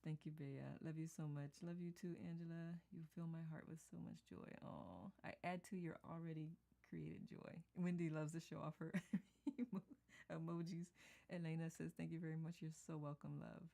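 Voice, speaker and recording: Woman, low gravelly voice, chatty live host thanking everyone. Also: flat delivery, normal speed. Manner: warm, effusive, laughs often, thanks viewers by name. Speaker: host of a spiritual study group. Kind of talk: casual live chat reading comments.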